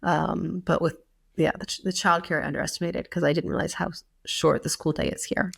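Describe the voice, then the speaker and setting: A woman's voice: low-pitched, fairly even intonation, brisk, vocal fry, slightly rough. An American woman in her thirties co-hosting a podcast, chatting casually with many fillers and frequent laughs. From United States. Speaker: podcast co-host. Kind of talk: casual chat.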